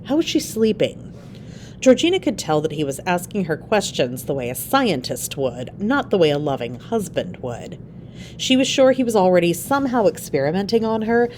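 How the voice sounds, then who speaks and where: A woman narrating an easy-to-read adapted story aloud, with expressive, clear storytelling. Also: lowish voice, slight background noise.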